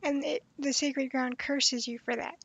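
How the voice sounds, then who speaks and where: Young woman game streamer with a high voice, blunt and animated commentary; dull, dry lo-fi recording. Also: unhurried, dry recording. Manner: animated, blunt, swears and laughs often. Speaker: streamer playing a story game. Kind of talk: casual livestream commentary.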